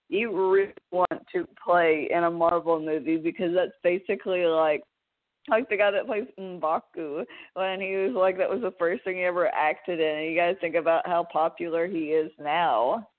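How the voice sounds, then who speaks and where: A woman's voice: on the low side, dry recording. A woman co-hosting a podcast, joking around and punning in casual chat about films. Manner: jokey, fond of puns, playful. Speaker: co-host. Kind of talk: casual pop-culture chat. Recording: dry, tinny phone-like call audio.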